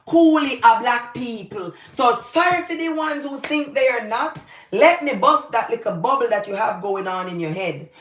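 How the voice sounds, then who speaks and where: A woman's voice: a little high, a bit bright, echoey room. A Jamaican woman hosting her channel, giving passionate, emphatic live commentary and slipping into patois. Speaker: channel host.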